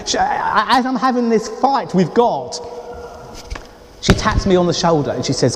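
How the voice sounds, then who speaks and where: A middle-aged man preaching a sermon as a pastor, animated and conversational with chatty asides. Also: high voice, measured pace, long pauses, background noise. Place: church. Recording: reverberant church hall.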